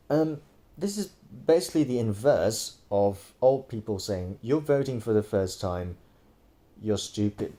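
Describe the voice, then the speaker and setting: Indoors, over a screen recording, a male political commentator from Thailand speaks in a dark, mid-range voice. His commentary stays casual, profane and exasperated, and he keeps stumbling through fillers and restarts.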